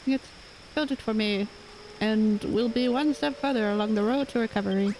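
A woman's voice: fairly high pitch, normal speed, a little mellow, a little hiss or hum, natural voice, rough recording. Woman doing an earnest old doctor man. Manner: formal, old-fashioned speech. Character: older male town doctor, earnest.

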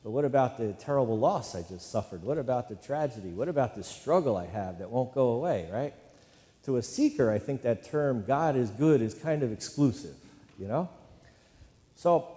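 A man's voice: mid-range voice, dark tone. A man preaching a sermon as a pastor, talking in a conversational way and often checking in with "right?" and call-and-response lines. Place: church sanctuary. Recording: long hall reverb.

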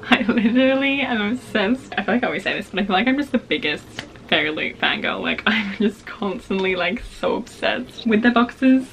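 A woman's voice: medium pitch, expressive, moderate pace, gravelly, fairly bright tone, a little hiss or hum. A young woman filming a book unboxing, gushing and gasping as she shows each item. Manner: gushing, gasps often, repeats "oh my gosh". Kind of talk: excited unboxing chat.

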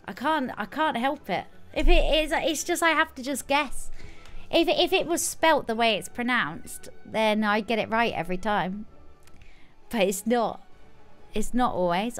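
A woman game streamer talks casually as she plays, breaking into sudden excited squeals. Her voice sits high and sounds smooth and clean. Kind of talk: casual live gameplay commentary.

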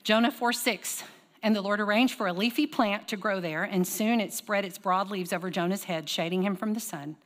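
A woman pastor preaching a sermon, telling stories with lively call-and-response. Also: medium pitch, moderate pace, in a large hall. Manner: animated storytelling with call-and-response. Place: church sanctuary.

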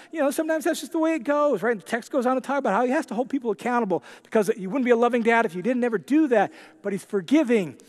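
High-voiced man preaching in a reverberant hall. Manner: earnest, repetitive emphasis, slows on key words. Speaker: pastor. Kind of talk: sermon.

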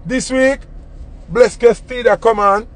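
A young man with a Jamaican accent, ranting in an animated, mocking way on a casual phone livestream. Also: very high voice, slow pace. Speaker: entertainer on a livestream.

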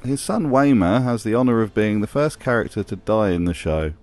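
A man's voice: on the low side, animated, a little fast, darkish tone, faint music behind. A man giving a scripted narration with dry, wry humour. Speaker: video narrator.

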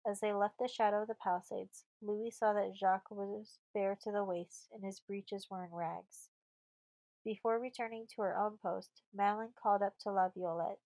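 Lady reading a storybook aloud, steady pace, mid pitch, dry no-echo sound. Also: normal speed. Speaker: audiobook narrator. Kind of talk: scripted narration.

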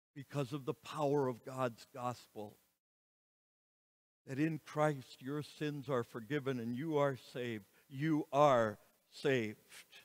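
A man preaching a sermon as pastor, slow and emphatic, with dramatic rises and falls in his voice. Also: mid-range voice. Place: church sanctuary. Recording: reverberant church hall.

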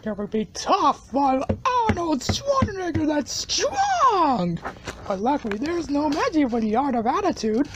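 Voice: high-pitched, very animated, unhurried, background noise. A performer voicing a boastful young woman who acts tough, in a homemade cartoon. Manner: bragging, showy.

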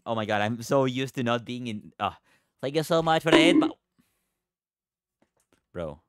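A man's voice: medium pitch, expressive, unhurried, pauses often, dry recording, studio quality. A young man streaming, chatting casually with viewers, thanking them, giggling and swearing now and then.

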